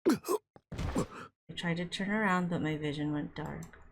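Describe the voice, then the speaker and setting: A woman streaming a visual novel, reading its narration aloud and breaking off for quick reactions, with music under her voice. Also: low voice, slight background noise. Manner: reads narration with quick asides. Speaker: game streamer.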